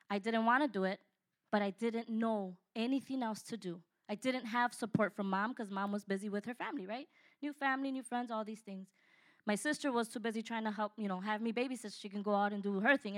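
A woman in her fifties giving an impassioned personal testimony, speaking earnestly and directly to her listeners. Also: medium pitch. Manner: earnest, addresses listeners directly, dynamic delivery.

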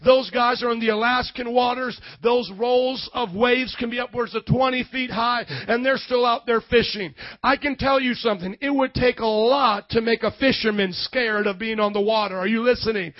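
A man preaching a lively sermon in a church, shifting between loud shouts and quiet passages. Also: very high-pitched, no echo, dull audio. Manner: energetic, swings from shouting to hushed. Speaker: pastor.

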